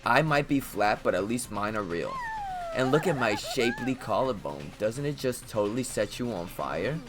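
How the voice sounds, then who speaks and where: A man voicing an unhinged, taunting female killer in a game, catty and menacing, in a voice lower than his own. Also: sing-song, normal speed, over music, close to an everyday voice.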